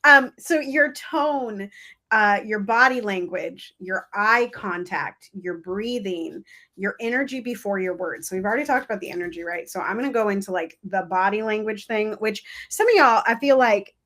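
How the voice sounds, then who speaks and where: A woman's voice: mid-range voice, normal speed. Chatty woman teaching a masterclass. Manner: chatty, animated, laughs and acts out examples. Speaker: host of a coaching masterclass. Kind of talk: casual livestream teaching.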